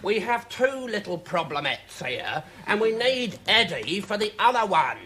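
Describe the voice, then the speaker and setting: A sarcastic scheming agent. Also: male voice, high voice, big pitch swings, unhurried, sharp tone, slight background noise, full character voice. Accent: British English. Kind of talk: studio sitcom acting. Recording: TV sitcom with live audience.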